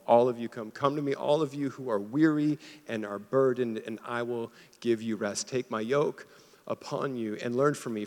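Casual preacher in a reverberant hall. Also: male voice, mid-range voice, darkish tone. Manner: casual, conversational preaching with audience call-and-response. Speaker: pastor. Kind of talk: sermon. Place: church auditorium.

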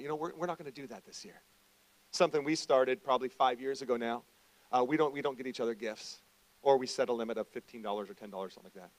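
A middle-aged male pastor giving a conversational sermon, moving between quiet asides and loud emphatic stretches. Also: mid-range voice, no echo.

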